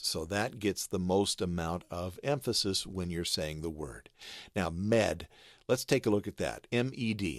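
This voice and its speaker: A man's voice: lowish voice, no room sound, studio quality. An American man patiently walking through a pronunciation tutorial, spelling out letters step by step. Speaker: voice artist teaching pronunciation. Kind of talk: screen-share tutorial.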